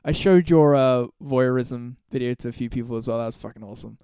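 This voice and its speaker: A man's voice: medium pitch, fast talker, warm tone, clear, resonant tone, dry recording, clean studio sound. A man hosting a solo podcast, talking casually in long, rambling, profane stretches full of restarts and laughs. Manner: laughs through his stories. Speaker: podcast host.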